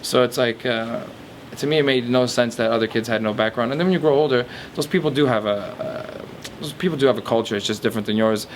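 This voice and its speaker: Fast-talking, candid young man. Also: mid-range voice, a little hiss or hum. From Portuguese family background. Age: 20s. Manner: candid, rambling, with frequent restarts. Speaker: comedian being interviewed. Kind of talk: documentary interview.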